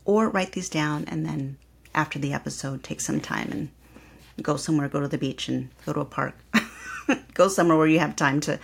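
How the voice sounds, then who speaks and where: A woman yoga teacher hosting her podcast, guiding listeners through affirmations and repeating each one slowly and calmly. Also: low voice, gravelly, slightly rough. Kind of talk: guided reflection and affirmations.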